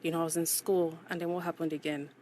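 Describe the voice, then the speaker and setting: A woman's voice: low voice, little pitch movement, fast, darkish tone, a little hiss or hum. A woman, a guest on a talk show, telling a personal story in a candid, chatty way. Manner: candid and chatty, full of "you know" and "like". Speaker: podcast guest. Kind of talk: casual interview storytelling.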